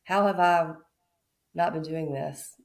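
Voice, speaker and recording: A woman realtor from Mississippi telling a lively story on a podcast, acting out the people she quotes. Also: deep voice, slow pace, creaky. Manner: animated, acts out quoted voices. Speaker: realtor guest.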